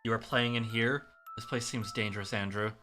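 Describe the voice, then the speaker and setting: Man playing a stern tired mom, lowered scolding voice, bright tone, faint music. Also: fairly even intonation, fairly quick. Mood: wary. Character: stern, weary adult mother.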